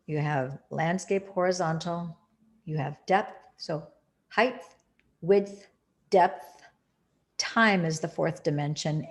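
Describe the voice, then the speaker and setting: Woman, meditation teacher, slightly low voice, slow soothing delivery with earnest emphasis. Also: a little mellow. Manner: slow, soothing, drawn-out phrasing. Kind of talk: guided meditation and spiritual talk.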